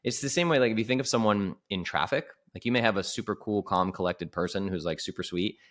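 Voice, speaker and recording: A man talking as a health coach guest in a casual podcast conversation, animated and full of "like", acting out quoted voices. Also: lowish voice, fast talker.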